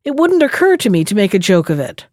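A man's voice: sits high, wildly swooping pitch, fast talker, a little mellow, no echo, clean studio sound. A woman reading as a stubborn old peasant man. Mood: exasperated.

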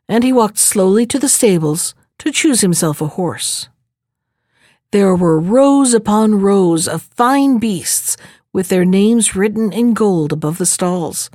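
A woman reading a fairy tale aloud in a measured, expressive storybook narration. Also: medium pitch, no echo, clean studio sound.

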